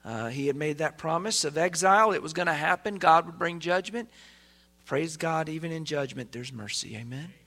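A male pastor preaches to his congregation. His voice is high, bright and gravelly, with a bright edge. He swings between loud emphatic lines and quiet, dropped asides. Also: moderate pace. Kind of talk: sermon.

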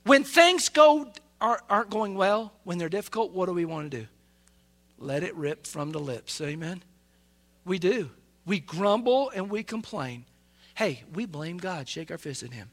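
A man preaching a fervent sermon as pastor, swinging between quiet asides and loud, raised bursts. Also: very high voice, expressive, measured pace.

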